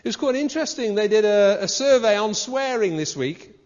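A man's voice: high-pitched, animated, brisk, a little mellow. A man preaching a sermon in a conversational way, asking his listeners questions. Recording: dull recording with hall reverb.

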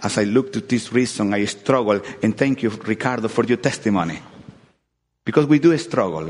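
A middle-aged man preaching an earnest sermon with personal testimony, often repeating words and swinging between loud and hushed. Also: fairly low pitch, normal speed. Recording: long hall reverb.

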